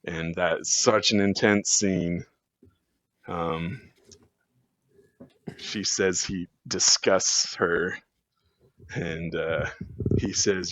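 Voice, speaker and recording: A man's voice: deep voice, steady tone, very slow, long pauses, a bit bright, dry recording. A man talking as a podcast guest in a rambling, casual way, full of fillers and restarts. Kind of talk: casual chat. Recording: dull lo-fi sound.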